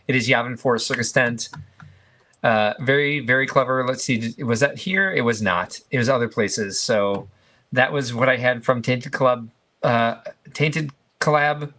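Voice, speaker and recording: A man's voice: medium pitch, measured pace, sharp tone. A man co-hosting a live stream, chatting casually and rambling through pictures with lots of fillers. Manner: rambling, filler-heavy, easygoing. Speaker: stream co-host.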